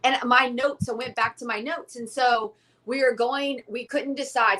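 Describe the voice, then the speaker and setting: A woman's voice: high voice, moderate pace, a little hiss or hum. A young woman, a guest from a whiskey company, telling a story in a casual interview and acting out the dialogue. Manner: animated, acts out quoted dialogue.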